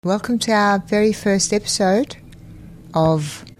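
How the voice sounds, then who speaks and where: A woman's voice: mid-range voice, unhurried, faint music behind. A woman co-hosting a podcast in casual chat, teasing her co-host and laughing often.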